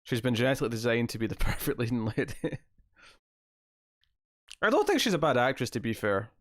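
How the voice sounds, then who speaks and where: A man hosts a live stream and riffs on a film as it plays, joking and chuckling between remarks. His pitch sits in the middle of the male range but swings widely as he talks. The sound is close and dry, with no room around him. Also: sing-song, brisk, fairly bright tone, no echo. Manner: chatty, jokey, often laughing. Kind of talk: casual movie-watching commentary.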